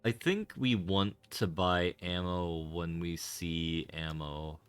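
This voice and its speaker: This streamer's voice is low-pitched, clear and resonant, and he speaks at a slow pace. His casual game commentary wanders, peppered with sarcastic, wry remarks and casual cursing.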